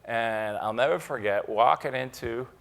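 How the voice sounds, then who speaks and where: A man's voice: mid-range voice, normal speed, vocal fry. A man from Ohio, a company CEO, telling stories as the guest of an on-stage keynote interview. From Ohio, USA. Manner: animated storyteller.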